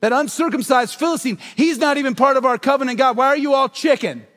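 A man acting out a bold young shepherd boy who shouts defiant taunts at a giant. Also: very high-pitched, fast, big-room sound, voice pushed up.

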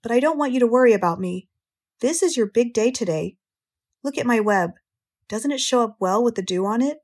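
A woman voicing a wise, motherly female spider in an audiobook, gentle but firm. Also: a little high, expressive, brisk. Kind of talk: audiobook character reading.

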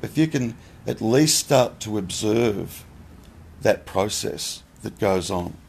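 A man's voice: fairly low pitch, expressive, slow pace, creaky, a little mellow, a little hiss or hum. A man giving a casual spiritual talk as a teacher, blunt and questioning, swearing freely. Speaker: nonduality teacher.

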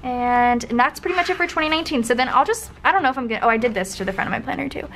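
A young woman flipping through her old planner spreads in a casual vlog, often trailing into soft, breathy gushing asides. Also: fairly high pitch, animated, very fast. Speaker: planner vlogger. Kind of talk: casual flip-through commentary. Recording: faint background noise.

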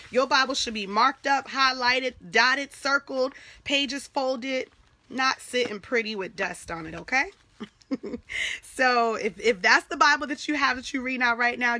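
A woman's voice: fairly high pitch, pushed and bright. A woman leading a devotional Bible study, conversational and encouraging, often stopping to check in with an "okay?" and restarting her phrases as she thinks aloud.

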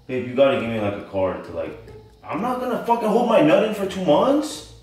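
A man's voice: fairly high pitch, expressive, a little fast, a little mellow, faint music behind. A man in his twenties pushing his fiancée in a crude, whiny prank vlog argument. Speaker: vlogger. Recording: echoey room from far off.

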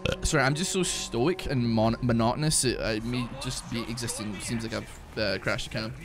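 A man streaming a video game in casual chat, excitable and sweary, breaking into shouts and laughter. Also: medium pitch, moderate pace. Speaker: gaming streamer. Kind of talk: casual live-stream chat over gameplay. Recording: faint music behind.

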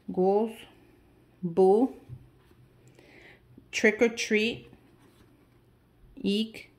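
A woman vlogger opening gift mail, chatting casually to viewers and gushing with excitement over each item. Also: medium pitch. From United States. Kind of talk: casual unboxing chat to viewers.

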